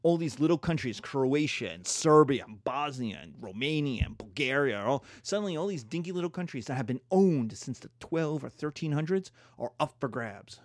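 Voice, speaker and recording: Animated man lecturing on history. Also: medium pitch, normal speed, few pauses, no room sound, studio quality. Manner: playful, acts out nations in silly voices.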